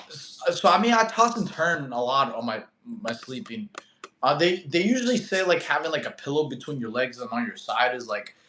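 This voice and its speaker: Young male fitness streamer, raised in Russia, rambling and slangy, fairly high voice, echoey room sound. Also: a bit bright, slight background noise. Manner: loose, slangy, many fillers and restarts. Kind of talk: casual live-stream chat reading viewer questions.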